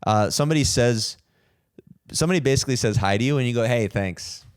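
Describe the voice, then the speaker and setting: A man's voice: mid-range voice, quick pace, clean tone, dry recording, clean studio sound. Rambling young man hosting a solo podcast. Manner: rambling, self-deprecating, lots of fillers and restarts. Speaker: podcast host.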